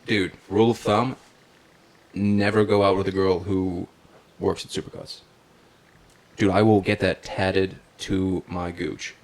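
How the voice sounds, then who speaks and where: A young man, a comedian guest, telling stories in casual chat, animated and swearing often with lots of "dude". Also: deep voice, measured pace, long pauses. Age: young adult. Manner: profane, animated retelling with frequent "dude". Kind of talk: casual storytelling.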